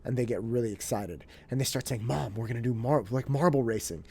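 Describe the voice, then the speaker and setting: A man in his thirties telling a story in a casual, animated way, acting out bits of family conversation. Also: mid-range voice, brisk, slight background noise. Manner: animated, acts out family dialogue, restarts and fillers. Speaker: podcast host.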